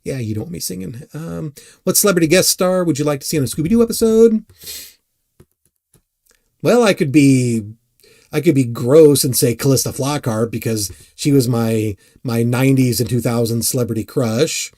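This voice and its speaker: Gravelly-voiced man rambling on a live stream. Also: medium pitch, expressive, dark tone, no room sound, clean studio sound. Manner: rambling, halting, self-deprecating. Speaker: streamer answering chat. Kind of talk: casual live-stream chat.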